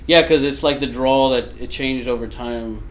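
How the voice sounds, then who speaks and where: A man's voice: mid-range voice, normal speed, a little hiss or hum. A young man from Florida with a Miami accent, co-hosting a casual podcast chat and rambling through what he reads aloud. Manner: rambling, reads aloud and slips into mock voices. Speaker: podcast co-host.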